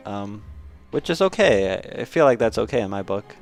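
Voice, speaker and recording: A man's voice: fairly low pitch, measured pace, clear, resonant tone, soft background music. A man streaming a story game, reading its text aloud and reacting casually. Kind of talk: let's play reading and commentary.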